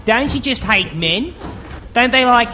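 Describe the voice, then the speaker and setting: A woman's voice: fairly high pitch, expressive, unhurried. A woman playing a crude, smug female comedian who talks with rising uptalk. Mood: mocking. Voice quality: uptalk, brash. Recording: crowd and noisy ambience.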